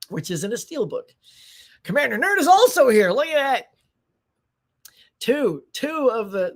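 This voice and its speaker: A middle-aged man hosting a casual morning livestream, chatty and upbeat, greeting viewers by name with frequent laughs and restarts. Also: high-pitched. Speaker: livestream host.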